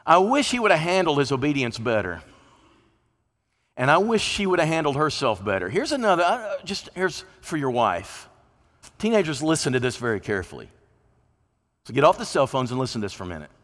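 A man's voice: on the high side, very animated, brisk, a bit bright. A man preaching a sermon from a church pulpit in a folksy, conversational way, sometimes acting out the voices of people he quotes. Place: church sanctuary. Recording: long reverb of a church hall.

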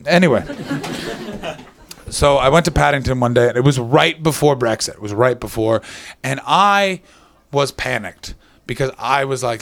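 A man's voice: medium pitch, expressive, moderate pace, vocal fry, pauses often, fairly bright tone. A young Canadian man with a Canadian accent doing a chatty, sarcastic stand-up set and bantering with the crowd at a comedy club. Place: comedy club before a live audience.

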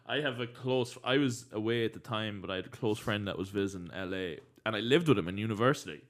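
A young man in casual chat as a guest, telling lively stories and laughing often. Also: on the low side, fairly quick. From Ireland. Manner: animated storyteller, laughs often. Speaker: guest, bar owner.

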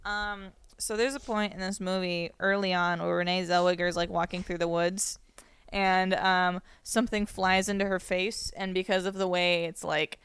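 A woman's voice: on the low side, little pitch movement, moderate pace, fairly bright tone, clean tone, dry recording. A woman co-hosting a podcast, talking loosely and casually about a movie, swearing and laughing often. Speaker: podcast co-host.

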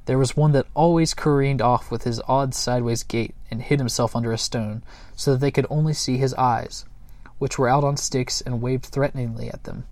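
A man's voice: medium pitch, fairly even intonation, no room sound. Man reading a storybook aloud, dry sound. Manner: gentle, unhurried, occasional slips and chuckles. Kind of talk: reading a children's book aloud.

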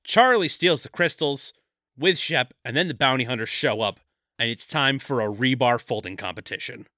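A man co-hosting a casual movie podcast, running through the plot at a brisk clip with jokey asides. His voice is bright and lively, recorded dry and close. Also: medium pitch, no echo. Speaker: podcast co-host. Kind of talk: casual movie recap chat.

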